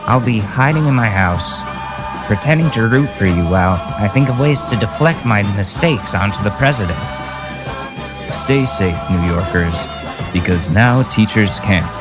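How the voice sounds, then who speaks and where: A man putting on a loud, sneering impression of a smug, callous big-city mayor giving a mock address. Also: on the low side, moderate pace, loud music behind the voice, natural voice.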